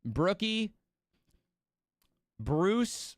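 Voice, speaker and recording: Recorded dry with clean studio sound, this young man's high-pitched voice moves at a normal pace as he hosts a live watch party. He yawns sleepily while chatting, ranting, cursing heavily, and spinning animated stories.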